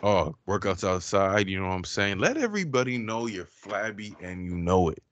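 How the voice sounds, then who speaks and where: A man's voice: low-pitched, sing-song, moderate pace, fairly bright tone, lo-fi sound, slight background noise. A man co-hosting a podcast, chatting casually and jokingly, with lots of slang. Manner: laid-back and joking, with slang like "man", "bro" and "yous". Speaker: podcast co-host. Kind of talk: casual chat.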